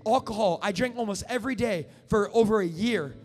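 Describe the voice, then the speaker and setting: An impassioned male preacher with a very high voice, his words ringing out through a big echoing hall. Faint music plays underneath as he presses and climbs toward shouts. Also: fairly quick. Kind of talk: sermon.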